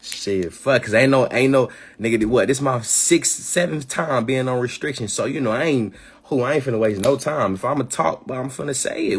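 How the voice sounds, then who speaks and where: A man's voice: medium pitch, normal speed, few pauses, slightly rough. A man hosting a live community gathering, talking passionately with a lot of slang, swearing and repeated phrases. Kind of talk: casual live-stream talk.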